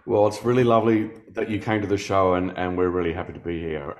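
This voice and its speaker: A man with an Australian accent, a guest actor chatting in a relaxed way with hesitant pauses. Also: sits low. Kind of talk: casual interview chat.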